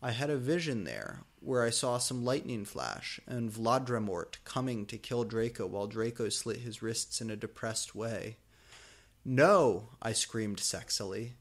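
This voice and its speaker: A man's voice: medium pitch, expressive, moderate pace, few pauses. A man giving a comedic reading of fanfiction, reading overwrought prose with mock drama. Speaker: fanfiction reader.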